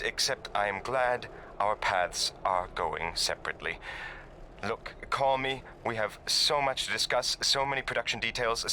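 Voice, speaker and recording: An actor voicing an effusive, theatrical film director in a video game, leaving a voicemail. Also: male voice, mid-range voice, pushed and bright, a little hiss or hum, natural voice. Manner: effusive, dramatic.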